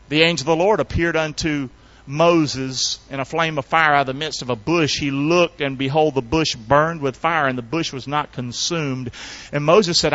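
A man preaching a sermon in a folksy, call-and-response style, swinging between loud emphatic shouts and low hushed tones. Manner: folksy, colloquial delivery. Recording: dull, dry, lo-fi recording.

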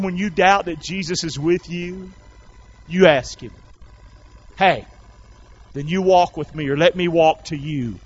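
A man preaching a sermon in a folksy, call-and-response way, swinging between shouted lines and low asides. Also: breathy edge, muffled recording. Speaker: pastor.

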